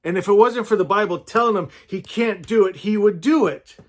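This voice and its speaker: High-voiced man preaching earnestly. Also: brisk. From California, USA. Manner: earnest, rambling, with frequent restarts and "right?" asides. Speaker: spiritual teacher. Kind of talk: informal sermon with personal stories.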